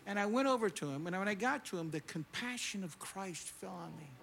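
A man preaching a sermon, telling a story and swinging between loud, animated preaching and quiet storytelling. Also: high voice, fairly quick, creaky. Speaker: pastor. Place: church sanctuary.

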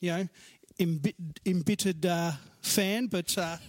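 A middle-aged Australian man with a slightly higher voice teases his friends dryly on a podcast. The recording sounds close and dry, with no room echo. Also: steady tone, measured pace. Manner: wry, teasing. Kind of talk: casual podcast chat.

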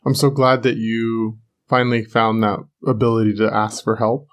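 A man hosting a podcast, asking interview questions in a measured, supportive way. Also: on the low side, flat delivery. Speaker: podcast host.

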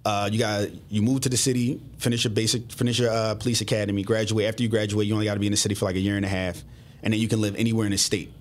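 Fast-talking man, low voice. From Southwest Philadelphia. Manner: profane, animated retelling with acted-out dialogue. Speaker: former police officer, guest. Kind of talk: casual podcast storytelling.

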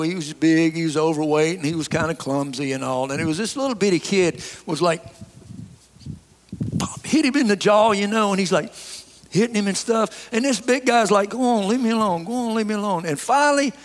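Folksy preacher in a reverberant church. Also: male voice, a little high. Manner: folksy, emphatic storytelling preacher. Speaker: pastor. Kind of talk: sermon. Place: church sanctuary. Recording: long hall reverb.

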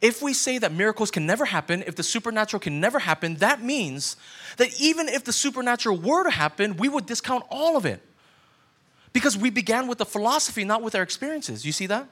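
Man, pastor, high-pitched, conversational sermon, acts out listeners' doubts. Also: sing-song, fast talker, fairly bright tone.

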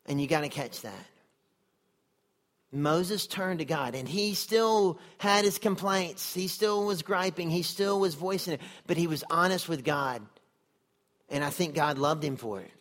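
A male preacher with a fairly high voice gives a sermon. He talks in an earnest, conversational way and keeps turning questions back to his listeners. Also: moderate pace, fairly bright tone. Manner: earnest, conversational, asks the audience many questions.

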